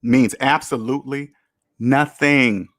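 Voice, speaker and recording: A man's voice: mid-range voice, steady tone, slow, a bit bright, no room sound, clean studio sound. A man hosting a casual livestream, reading viewer comments aloud and answering them with emphatic rhetorical questions. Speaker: channel host reading chat comments. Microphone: camera mic.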